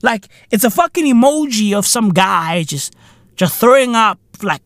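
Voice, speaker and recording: A man's voice: high voice, sing-song, unhurried, vocal fry, fairly bright tone, dry recording. A man from Africa, hosting a solo podcast and ranting with profanity, sarcasm and exasperation. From South Africa. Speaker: podcast host. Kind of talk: solo podcast commentary rant.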